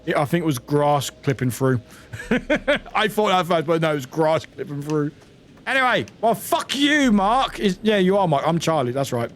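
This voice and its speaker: A young British man streaming a game live, excitable and full of laughs, yelps and swearing. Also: fairly high pitch, moderate pace, slight background noise.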